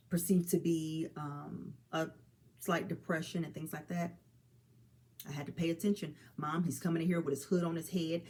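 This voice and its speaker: A woman's voice: lowish voice, a little mellow, a little hiss or hum. A woman in her forties speaking earnestly and directly to listeners, calling them honey and child as she pleads for people to help each other. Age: 40s. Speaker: mother speaking on suicide awareness. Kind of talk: heartfelt direct-to-camera talk.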